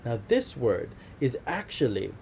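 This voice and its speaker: A man's voice: mid-range voice, big pitch swings, unhurried, darkish tone, a little hiss or hum. A man teaching a kindergarten phonics lesson, patiently sounding out letters for young children.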